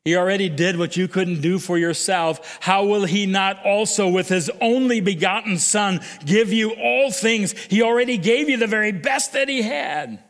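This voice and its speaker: A male pastor preaching a sermon, moving from hushed, low reflection to raised, emphatic calls and repeating phrases for effect. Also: moderate pace, few pauses. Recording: long hall reverb.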